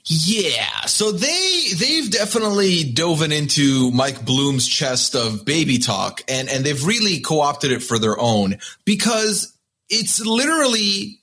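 Male co-host, animated and husky, slightly high voice, lots of swing. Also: slow pace. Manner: animated, does mock voices. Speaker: podcast co-host. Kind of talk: casual chat.

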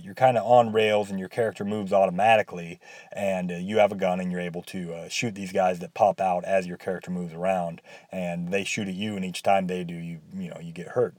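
A man's voice: low voice, a little mellow, no echo. A man giving casual, rambling commentary on a video game, with wry, sarcastic asides. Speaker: game reviewer.

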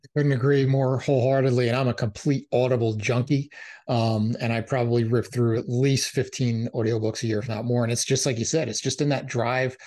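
A man's voice: mid-range voice, steady tone, brisk, darkish tone. Male podcast host, mid-range voice, enthusiastic and chatty. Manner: enthusiastic, grateful, conversational. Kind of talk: casual podcast conversation.

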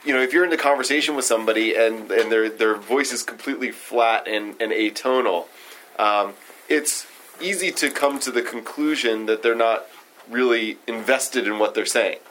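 Halting man leading a study group. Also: mid-range voice, a bit bright, slight background noise, poor audio. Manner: halting, many fillers and restarts. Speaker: discussion leader. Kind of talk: casual study group discussion.

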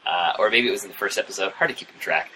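A man's voice: sits low, racing, background noise. A man co-hosting a podcast, chatting casually with playful asides. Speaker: podcast co-host. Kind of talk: casual chat.

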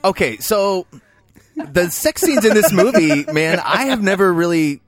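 A man's voice: high voice, big pitch swings, unhurried, no room sound, studio quality. A man hosting a casual movie podcast, joking and bantering with his co-hosts. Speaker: podcast host, film editor.

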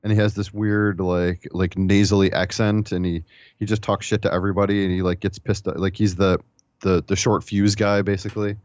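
A man's voice: sits low, level tone, normal speed, darkish tone, no room sound, lo-fi sound. A man casually reviewing movies on a podcast, rambling and enthusiastic, with some swearing. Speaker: podcast co-host.

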